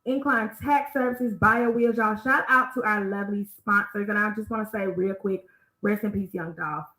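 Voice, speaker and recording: A woman hosts a casual online radio show, talking to her listeners with plenty of fillers and direct asides while she is still out of breath. Her voice is bright and sharp. The sound rings in a roomy, echoey space. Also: medium pitch. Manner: chatty, addresses listeners as y'all, many fillers. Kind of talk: casual news talk.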